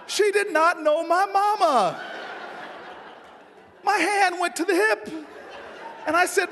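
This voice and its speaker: A man giving a humorous dinner speech, telling an animated story and often shouting. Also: extremely high pitch, slow pace, gravelly, long pauses. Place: large dinner hall. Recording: long hall reverb, faint noise.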